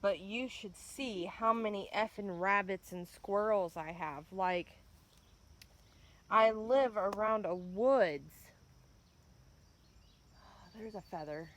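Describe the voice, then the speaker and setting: In a casual walk-and-talk vlog shot on a handheld phone, a farm vlogger stands by her chicken pen near the woods, angry and upset. She speaks slowly with frequent pauses, in a medium-pitched, fairly bright voice, swearing and repeating "bam."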